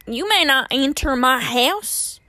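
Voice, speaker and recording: Hostile old man, curt and threatening, put on by a woman, higher pitch, dry close sound. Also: lively intonation, takes it slowly, bright, forceful tone, no echo, exaggerated voice. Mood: cold. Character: hostile old man guarding his house.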